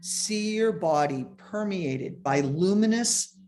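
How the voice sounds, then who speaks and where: A woman guides a meditation in a low, deep voice, taking her time over every phrase. She speaks softly and unhurriedly, with long pauses between instructions. The sound comes through a video call. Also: expressive. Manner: slow, soft-spoken instructions with pauses.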